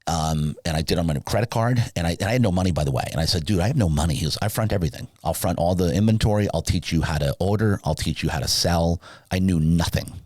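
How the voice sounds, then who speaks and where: A man, a guest on an interview podcast, telling a long personal story in a casual, animated way and acting out the people in it with sudden high pitch jumps. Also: quick pace, no room sound. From Southern California. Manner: animated, acts out dialogue with big pitch jumps. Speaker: podcast guest, sleep business founder.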